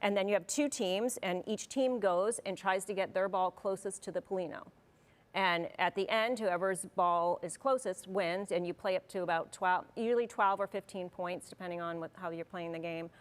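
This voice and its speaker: A woman with a lower voice answers questions as a studio guest. She explains things plainly and in a friendly way, with quick laughs between thoughts. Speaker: festival organizer guest. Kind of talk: studio interview.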